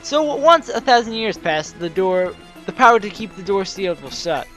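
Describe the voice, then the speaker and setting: A woman voicing an earnest male scholar, reading game dialogue aloud in a steady way. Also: mid-range voice, normal speed, faint music behind. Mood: explaining. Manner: steady read-aloud delivery. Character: earnest male scholar explaining ancient lore.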